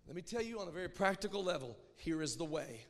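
A man preaches with a notably high voice, dropping to near-whispers and then rising to full-throated shouts. He drives his points home through emphatic repetition. The sound rings with the long reverb of a large hall. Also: animated, fast talker. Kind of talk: sermon.

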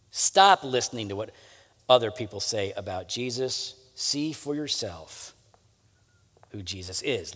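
A man's voice: fairly high pitch, fairly bright tone. A man preaching a sermon as pastor, talking to the listeners in a conversational way and often checking in with "right?". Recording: long hall reverb.

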